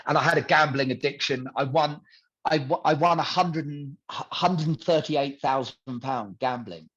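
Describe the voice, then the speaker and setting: A man in his thirties tells his story candidly on a podcast. His voice sits a little high and has a husky edge, and he acts out the other voices in the story. The recording is dull and lo-fi. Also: moderate pace. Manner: animated, acts out dialogue in quoted voices. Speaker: podcast guest.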